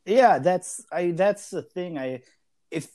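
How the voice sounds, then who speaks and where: A man's voice: sits high, expressive, takes it slowly, darkish tone. A man in his early thirties co-hosting a podcast discussion, talking conversationally with frequent fillers and restarts. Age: early 30s. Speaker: podcast co-host.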